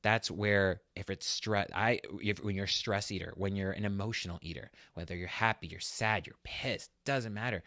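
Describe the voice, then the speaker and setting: A man's voice: on the low side, moderate pace, hardly any pauses, dry recording, studio quality. A man hosting a fitness talk show, speaking earnestly and personally, getting worked up as he tells his own story. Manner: earnest and emotional, gets loud and worked up retelling a struggle. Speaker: fitness podcast host.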